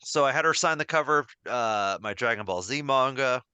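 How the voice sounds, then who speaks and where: An excited man shares stories on a podcast with lots of "um" and "like." His voice is bright and clear, and his pitch jumps around a lot. It sounds close and dry. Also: a little fast, no room sound. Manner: enthusiastic, rambling storyteller with many fillers. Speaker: podcast co-host. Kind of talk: casual podcast chat.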